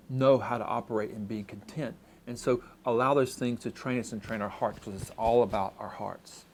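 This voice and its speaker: A man preaching a sermon as pastor, in a conversational way, often restarting his sentences. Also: mid-range voice.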